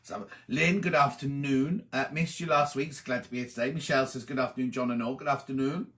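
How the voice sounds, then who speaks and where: A man's voice: mid-range voice, steady tone, brisk, fairly bright tone. A man hosting a live stream, chatting and greeting viewers by name as he reads their messages aloud. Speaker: host. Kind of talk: live-stream chat reading viewer comments.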